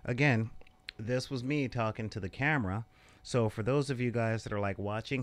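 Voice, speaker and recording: A man's voice: medium pitch, moderate pace, dry recording. A young man co-hosting a casual podcast chat, rambling loosely and laughing often. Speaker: podcast co-host.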